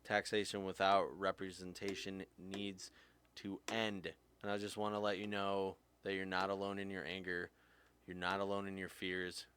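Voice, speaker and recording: A man hosting a podcast delivers an impassioned, heated rant, swearing often. His low, smooth voice is mostly monotone at a moderate pace with a fairly bright tone, yet it jumps up when he gets angry.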